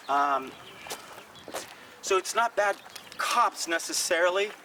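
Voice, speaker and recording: A man's voice: on the high side, measured pace, recorded from a distance, noisy background. A comedian telling stories in casual talk on a city walk, acting out the voices of the people he quotes. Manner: animated, acts out quoted voices. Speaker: comedian and podcast co-host. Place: outdoors on city streets.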